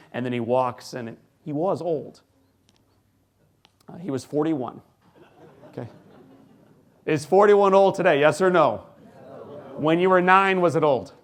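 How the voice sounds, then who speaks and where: Man telling a story on stage. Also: on the high side. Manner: storytelling with dramatic pauses, swinging from hushed to loud. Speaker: keynote speaker. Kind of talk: inspirational keynote speech. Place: large hall before a live audience.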